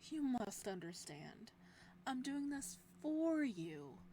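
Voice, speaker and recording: A woman voicing a possessive male librarian who holds someone captive, reading the lines of a visual novel slowly and gently. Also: sits high, very animated, a little hiss or hum, pitched above the performer's own voice, full character voice. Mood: gentle, doting. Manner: slow, gentle, controlled, with menace beneath. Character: possessive soft-spoken male librarian captor.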